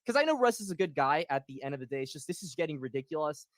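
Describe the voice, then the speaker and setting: A man's voice: on the high side, big pitch swings, rapid-fire, no echo, clean studio sound. A man who runs a crypto channel, guesting on a livestream call and speaking emphatically in a rambling, supportive way. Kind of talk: casual livestream talk.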